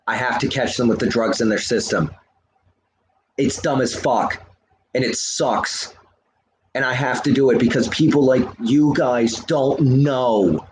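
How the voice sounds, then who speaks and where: A man talks straight to his live chat in a heated, profane rant, lecturing viewers as he smokes. His voice sits at an ordinary middle pitch. The room around him is echoey, with a faint ambient hum underneath. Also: unhurried. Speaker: livestreamer.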